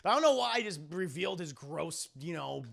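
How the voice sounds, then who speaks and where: A man giving casual livestream film commentary, animated and profane, laughing often. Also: on the high side, brisk, gravelly. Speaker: live-streaming film reviewer.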